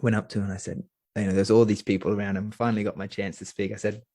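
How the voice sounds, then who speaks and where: A man's voice: lowish voice, flat delivery, very fast, a little mellow, dry recording. A young man, a podcast guest, eagerly telling a rambling story full of fillers. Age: young adult. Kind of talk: casual storytelling.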